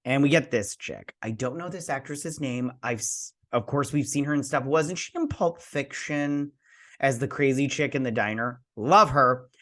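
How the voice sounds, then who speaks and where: A man talks through a TV episode as host of his own show, rambling and chatty, with plenty of side remarks. He swears now and then and slips into quick mimicry of characters. His pitch sits in an ordinary middle range. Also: a bit bright. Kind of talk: casual spoken review.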